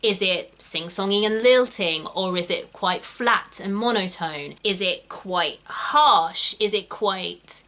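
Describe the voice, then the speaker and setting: A young woman from England teaches actors in a chatty, emphatic way, full of quick asides. Her voice is bright and clear, with an ordinary middle pitch. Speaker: acting coach. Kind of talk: talking-head tutorial.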